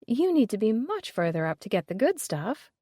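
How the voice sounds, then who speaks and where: A woman voicing a shrewd middle-aged mother who coaches her daughter in a brisk, urgent way. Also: on the high side, very animated, warm tone, slightly rough, no room sound, clean studio sound.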